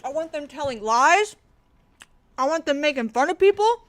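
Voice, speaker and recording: A high-voiced woman doing casual livestream political commentary. She is sarcastic and swears freely. She slides between low mutters and loud ranting. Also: lively intonation, moderate pace. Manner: sarcastic, profane, swings from mutters to loud rants. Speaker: political streamer.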